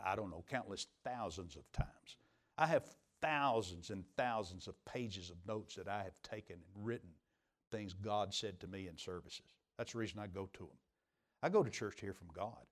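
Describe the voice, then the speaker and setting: A middle-aged man preaching as pastor in a church, building to emphatic peaks and dropping to quiet, confiding asides. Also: lowish voice. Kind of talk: sermon. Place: church sanctuary.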